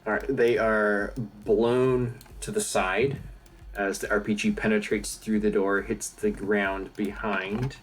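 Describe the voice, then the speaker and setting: A man's voice: lowish voice, level tone, takes it slowly. A man narrating as game master of a tabletop game, in a casual manner with fillers and laughs. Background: music.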